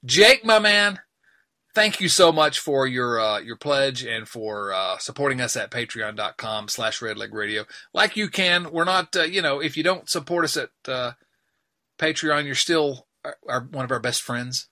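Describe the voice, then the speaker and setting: A man's voice: mid-range voice, expressive, normal speed, pushed and bright. A man hosting a casual sports podcast, joking, laughing at himself and rambling through asides. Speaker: podcast host.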